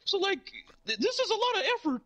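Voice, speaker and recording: A man voicing a manic, furious male clown mascot in a high, screeching voice while retelling a dream. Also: very animated, brisk, fairly bright tone, full character voice. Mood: indignant. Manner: screeching, frantic, high-pitched outbursts.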